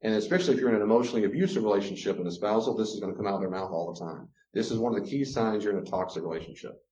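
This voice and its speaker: A man giving a teaching talk on relationships. He is animated and acts out the voices he quotes. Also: lowish voice, very fast, slight background noise. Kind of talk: lecture-style teaching. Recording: roomy, slightly dull sound.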